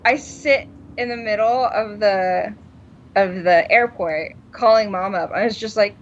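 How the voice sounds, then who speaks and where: A woman's voice: medium pitch, normal speed, a little hiss or hum. A woman co-hosting a podcast, telling a story in casual chat, laughing often and acting out what people said. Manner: animated, laughs often, acts out quotes. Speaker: podcast co-host. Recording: dull lo-fi sound.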